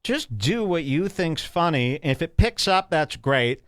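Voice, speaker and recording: A man's voice: fairly high pitch, a little slow, dry recording, clean studio sound. A man hosting a podcast, reacting to clips with casual, mocking commentary. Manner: animated, mocking, jumps between loud and quiet.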